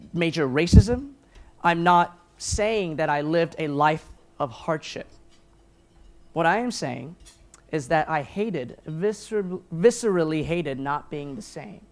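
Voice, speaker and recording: A man's voice: on the high side, animated, measured pace. Earnest man giving a keynote. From grew up in Taiwan, New Zealand and the United States. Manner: earnest, personal, self-deprecating storytelling. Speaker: keynote speaker. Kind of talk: keynote speech. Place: event hall at a lunch gathering.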